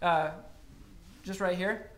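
A man's voice: high-pitched, steady tone, slow. A man playing a naive, hungry traveler who stammers and fumbles his words, told live on a college stage in a roomy hall. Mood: fumbling. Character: naive hungry male traveler, clumsy and literal. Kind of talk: live comic storytelling.

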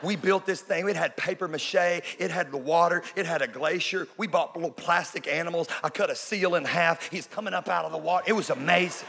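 A Texan man in his forties, a pastor preaching a sermon, telling stories and building to loud peaks. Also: on the high side, brisk, vocal fry, few pauses, husky. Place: church auditorium. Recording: large room with long reverb.

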